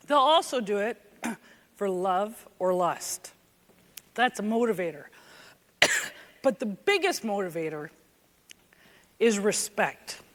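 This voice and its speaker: Lively woman giving a keynote. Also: mid-range voice. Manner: animated, conversational, lively storytelling. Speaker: keynote speaker, former police officer. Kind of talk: conference keynote storytelling. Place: large conference hall stage. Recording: reverberant large hall.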